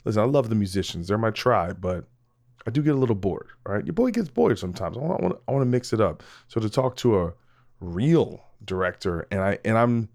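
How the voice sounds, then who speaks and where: Rambling, self-mocking podcast host, low male voice. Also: very animated, fast, vocal fry, a little mellow. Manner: rambling, self-mocking, frequent restarts and laughs; swearing, direct address to listeners. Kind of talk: casual solo podcast monologue.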